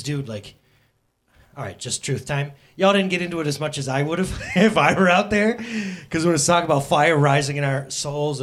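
A man's voice: mid-range voice, slightly rough. A man preaching a casual sermon in church, joking and addressing the congregation directly. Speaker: pastor. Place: church sanctuary.

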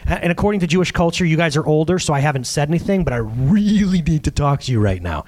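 A pent-up young man who talks straight and casual, his voice climbing high and swinging widely as he presses his point, as a preacher acts him out. The delivery stays close to everyday speech. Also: animated, fast talker, a little mellow, lightly acted. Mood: urgent. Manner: casual modern slang.

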